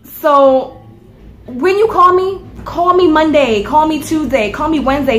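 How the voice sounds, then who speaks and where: A young woman talking to camera in a casual vlog. Her voice sits high, and she speaks in a blunt, profane, ranting way. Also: a little slow, a bit bright, slight background noise. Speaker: vlogger. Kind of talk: casual chat.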